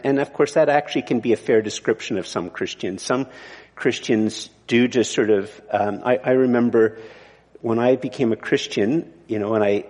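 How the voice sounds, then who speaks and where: A man's voice: mid-range voice, a little mellow, husky, in a large hall. A male pastor giving a sermon in a conversational, digressive way, often restarting his sentences. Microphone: mic on the body.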